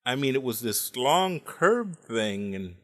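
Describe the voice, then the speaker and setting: Speaking slowly in a sing-song, medium-pitched voice, a man in his forties spins wry, dry comic stories about his family. He times his punchlines with care throughout the monologue.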